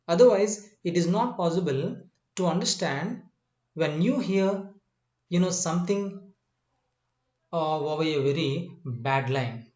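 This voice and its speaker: Slow, deliberate man teaching English. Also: a little high, animated, darkish tone. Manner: slow and deliberate, repeats points, many "uh" and "you know" pauses. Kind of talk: slide-based lesson. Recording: echoey room.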